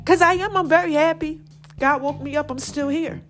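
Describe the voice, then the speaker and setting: Woman podcast host, slightly high voice, chatty and familiar, soft music underneath. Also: normal speed. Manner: chatty, addresses listeners as y'all and baby. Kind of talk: casual solo podcast talk.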